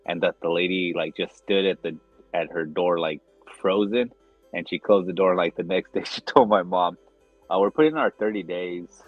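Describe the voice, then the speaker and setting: A man co-hosting a podcast, telling a story in a halting way, with many restarts. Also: deep voice, dry recording, narrow, tinny audio, faint music behind. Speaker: podcast co-host. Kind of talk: casual storytelling.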